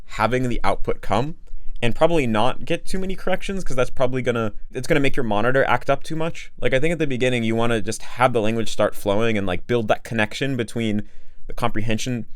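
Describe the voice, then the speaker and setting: A man's voice: medium pitch, quick pace, clear, resonant tone, no echo. A young man explaining casually, with many fillers and rambling asides. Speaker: language coach answering a question.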